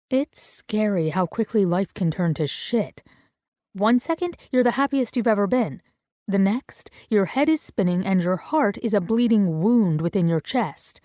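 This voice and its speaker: A woman's voice: mid-range voice, a little mellow, no echo. Brief: young woman, first-person romance audiobook narrator, dry close mic.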